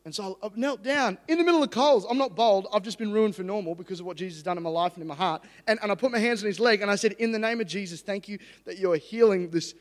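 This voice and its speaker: A man preaching a sermon with energetic, jokey, excitable delivery. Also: high voice, fast talker, few pauses, big-room sound.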